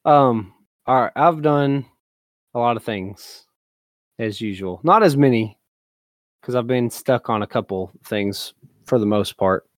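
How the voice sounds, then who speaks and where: A man's voice: medium pitch, a little slow, pauses often, no echo, studio quality. A man, co-hosting a podcast in easy, casual chat and laughing often. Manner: laid-back, laughs often. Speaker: podcast co-host.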